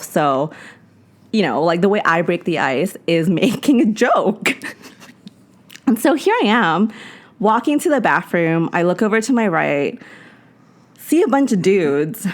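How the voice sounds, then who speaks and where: A woman's voice: on the low side, animated, unhurried, pauses often. A young woman co-hosting a podcast, telling a story in casual chat, full of fillers and frequent laughter. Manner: chatty storyteller, laughs often, lots of "like". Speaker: podcast co-host.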